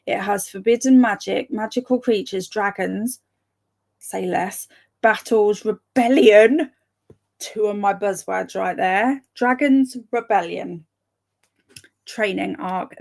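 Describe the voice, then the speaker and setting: A woman chatting casually with live viewers, reading out their comments, chatty and excitable, with a gravelly voice. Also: mid-range voice. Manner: chatty and excitable, breaks into laughs and sudden whispers. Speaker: streamer reading live chat.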